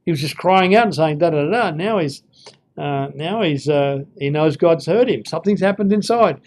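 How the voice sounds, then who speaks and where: A man's voice: a little high, animated, moderate pace, a little mellow. A man giving an informal Bible lesson, thinking aloud with fillers and reading verses with feeling. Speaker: Bible teacher.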